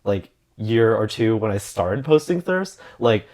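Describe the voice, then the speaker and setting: Young guy on a podcast, kinda hesitant, pitch jumping all over. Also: expressive, unhurried, darkish tone. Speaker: podcast co-host. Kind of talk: casual group chat.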